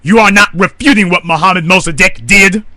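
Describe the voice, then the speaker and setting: A man delivering a confrontational monologue broadcast as commentator, forceful and ranting. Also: high voice, fairly quick, no echo. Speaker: online commentator.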